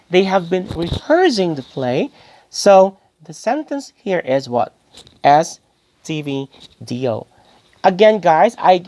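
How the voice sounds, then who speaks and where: A male English teacher runs a grammar lesson, asking the class questions and answering them himself. He often calls his listeners "guys" and repeats key phrases, in a fairly high, slightly mellow voice.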